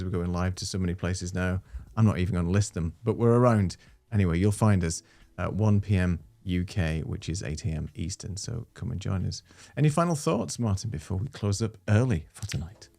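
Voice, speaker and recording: A man's voice: sits low, dark tone. A man hosting a casual live stream chat, easygoing and chatty with frequent fillers. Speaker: host.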